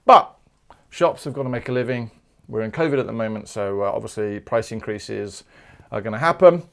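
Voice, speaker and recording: A man's voice: lowish voice, animated, brisk, gravelly. A man from the United Kingdom teaching a video maths lesson in an upbeat, chatty way with playful asides.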